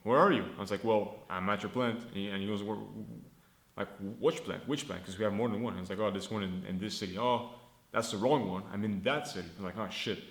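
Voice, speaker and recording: A man's voice: fairly low pitch, quick pace, roomy sound. A man, a startup founder casually recounting a story, rambling, swearing freely and acting out the other people's lines. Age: 20s. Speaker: founder vlogging his startup.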